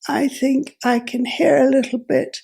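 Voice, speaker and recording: Woman vlogger, unhurried delivery, very gravelly and husky voice that drops into whispers, pitched a little high. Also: fairly even intonation, dark tone. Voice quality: croaky, gravelly, with breathy whispered breaks. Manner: slow, halting, self-correcting. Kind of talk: explaining while adjusting a device.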